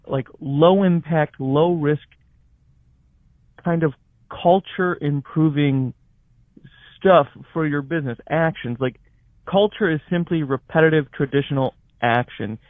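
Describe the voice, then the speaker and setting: A man's voice: a little high, measured pace, dry recording. Earnest male caller on a phone line. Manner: earnest, lecturing, formal phrasing. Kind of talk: call-in suggestion.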